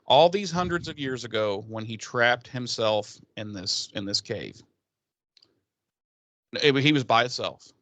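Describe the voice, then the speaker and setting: A man's voice: mid-range voice, lively intonation, unhurried, fairly bright tone. A man co-hosting a podcast, talking in a loose, rambling, joking way. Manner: rambling, joking, slips into mock voices. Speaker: podcast co-host. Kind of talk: casual chat.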